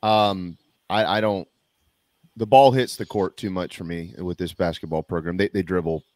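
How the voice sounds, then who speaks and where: A man's voice: low-pitched, moderate pace, no echo, clean studio sound. A man co-hosting a sports podcast, talking casually and emphatically with many repeated restarts. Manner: emphatic, repetitive restarts, lively.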